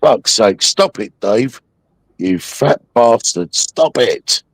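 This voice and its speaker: A man's voice: mid-range voice, animated, slow, no echo. A man hosting a livestream, taunting a viewer in a mocking, aggressive rant full of swearing. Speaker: livestream host.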